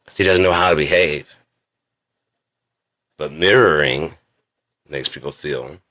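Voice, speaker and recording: A man's voice: deep voice, fairly even intonation, normal speed, pauses often, fairly bright tone. A man talking in a rambling, swearing monologue, coughing often and acting out quoted voices. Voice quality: frequent coughing. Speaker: video creator.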